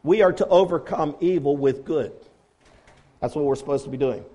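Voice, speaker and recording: A preacher who grew up on a farm delivers a sermon in a notably high voice at a normal pace, pressing listeners with rhetorical questions. He rises to loud appeals, then drops to quiet, low asides, and the recording is muffled.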